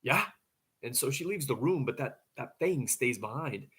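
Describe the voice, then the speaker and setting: A man's voice: medium pitch, expressive, normal speed, breathy edge. A man casually telling a story to camera, rambling, with frequent stammering restarts.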